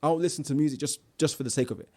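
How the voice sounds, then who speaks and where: A young man, a guest telling his own life story in a casual interview, animated, with slang and restarts. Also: fairly high pitch, very fast.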